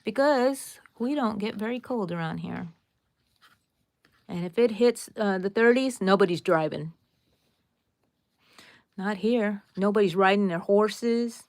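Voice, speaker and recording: A woman's voice: medium pitch, unhurried, long pauses, no echo. Chatty Texan woman hosting a crochet stream. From Texas, USA. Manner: chatty, talks straight to viewers, rambling asides. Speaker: crochet livestream host. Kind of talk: casual live crochet tutorial.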